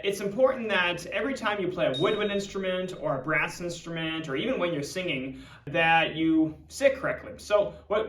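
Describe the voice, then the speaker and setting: A man's voice: high-pitched, fairly bright tone, far from the mic, slight background noise. Man teaching clarinet in echoey room. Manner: clear step-by-step demonstrating. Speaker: music teacher. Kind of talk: instructional video lesson. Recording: roomy echo, from off-mic.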